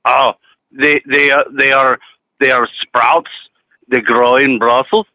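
A man's voice: mid-range voice, fairly even intonation, slow, bright, forceful tone, rough recording. A man calling in to a show, chatting playfully in a put-on accent. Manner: playful, putting on a strange accent. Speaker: caller. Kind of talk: casual call-in chat.

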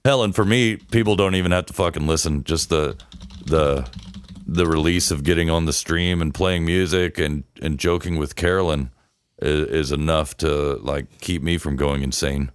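A man's voice: a bass voice, moderate pace, smooth. A man hosting a podcast, talking bluntly and sarcastically in a casual chat. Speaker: podcast host.

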